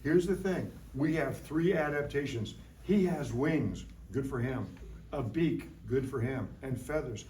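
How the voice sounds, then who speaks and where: A man teaching a lively science lesson to young children in a classroom, playful and full of call-and-response. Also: mid-range voice, unhurried, a little hiss or hum. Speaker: science educator visiting a class. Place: school classroom. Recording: roomy room from a distant mic.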